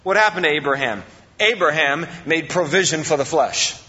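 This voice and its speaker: A male pastor preaches a sermon in a high, sharp voice. He jumps up in pitch and acts out the excuses people make. The sound is a bit dull and carries a long hall reverb. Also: lively intonation, normal speed. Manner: preaching with sudden rises in pitch, acting out quoted excuses.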